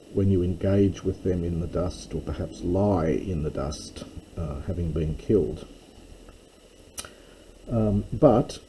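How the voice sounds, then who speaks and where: A man teaching a text line by line, slow and careful, with frequent ums and uhs. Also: low-pitched, dark tone, a little hiss or hum, low-quality recording. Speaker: Greek tutor. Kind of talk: line-by-line lecture.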